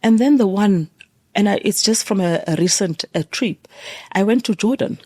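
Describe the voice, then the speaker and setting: A woman's voice: mid-range voice, normal speed, mellow. A woman from South Africa, a guest in a casual interview conversation, who talks with many fillers and restarts.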